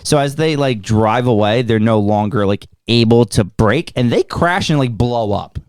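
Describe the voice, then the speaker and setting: A man's voice: mid-range voice, normal speed, smooth, dry recording, clean studio sound. A man hosting a casual podcast movie review, walking through the plot scene by scene. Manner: recaps the plot scene by scene, animated. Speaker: podcast host.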